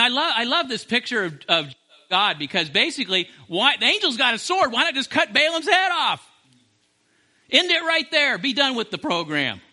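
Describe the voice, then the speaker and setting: A male preacher with a high, sharp, tense voice delivers an impassioned sermon. He loops back over phrases and restarts lines as he drives each point home. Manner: impassioned, repeats phrases and restarts mid-sentence.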